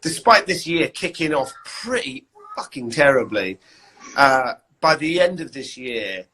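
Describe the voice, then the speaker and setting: A man's voice: medium pitch, very animated, unhurried, sharp tone, slight background noise, poor audio. A man and actor, chatting casually and rambling on a live video call, often restarting his sentences. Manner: rambling, self-interrupting, chatty. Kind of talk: casual chat.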